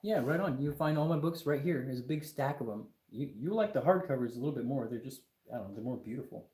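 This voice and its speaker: Man, livestream host, emphatic exasperated talk, warm mellow voice. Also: medium pitch, expressive, fast, echoey room. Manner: emphatic, ranting, with exasperated repetition. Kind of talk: casual livestream chat.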